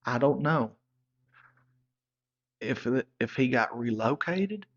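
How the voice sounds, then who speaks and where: A gravelly, rough-edged man with a drawl rambles through a wild comic story, cussing freely as he goes. His voice sits at an everyday middle pitch, and the recording sounds dull and lo-fi. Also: lively intonation, slow pace. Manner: rowdy, profane, rambling backwoods tall-tale telling. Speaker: comedic storyteller.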